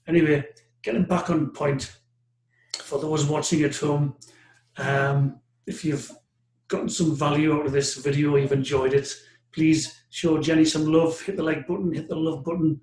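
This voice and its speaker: A man hosting an interview, warmly affirming and enthusiastic. His voice sits a little high and is recorded in an echoey room. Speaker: host.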